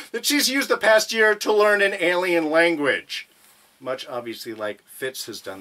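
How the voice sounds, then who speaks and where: Bright-voiced man reviewing a TV episode. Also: fairly high pitch. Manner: animated, stumbling restarts, chuckling asides. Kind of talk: enthusiastic casual review.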